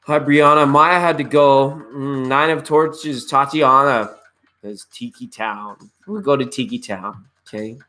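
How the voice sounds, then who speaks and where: A man's voice: medium pitch, fairly even intonation, measured pace, sharp tone, faint music behind. A man hosting a live online tarot reading, chatting in a laid-back, rambling way and greeting viewers by name. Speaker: tarot reader and live show host.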